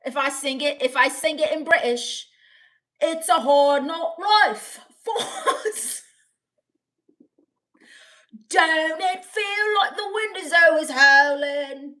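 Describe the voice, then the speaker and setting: A woman's voice: high voice, fairly even intonation, normal speed, few pauses, pushed and bright, recorded from a distance. A woman putting on an exaggerated, sing-song British accent as a chipper cartoonish everyman, lips pursed. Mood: singsong. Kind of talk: comic impression on a live stream.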